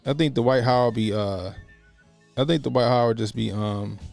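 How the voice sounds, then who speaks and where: Gravelly man ranting on a livestream. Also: mid-range voice, normal speed, darkish tone, faint music behind. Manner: laughs often, rambling and profane. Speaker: livestream commentary host. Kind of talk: casual profane livestream commentary.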